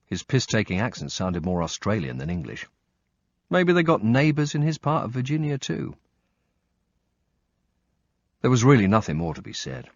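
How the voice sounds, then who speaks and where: A man's voice: on the low side, sing-song, normal speed, vocal fry, long pauses, no room sound. A man reading a first-person audiobook with dry, wry storytelling and blunt swearing, on slightly muffled audio. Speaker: audiobook narrator.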